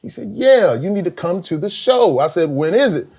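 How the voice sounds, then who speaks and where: An older man from South Carolina, a guest musician telling lively stories in an interview, acting out voices and laughing often. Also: high-pitched, normal speed, vocal fry. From Columbia, South Carolina. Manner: animated storyteller, acts out voices, laughs often. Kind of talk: storytelling interview.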